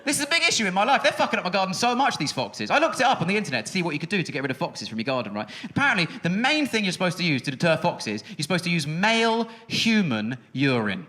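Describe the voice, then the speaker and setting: A man in his thirties doing a stand-up comedy set on a music hall stage, talking in a quick, sardonic way with sudden high outbursts. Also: very animated, bright, forceful tone. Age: 30s. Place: music hall stage before a live audience.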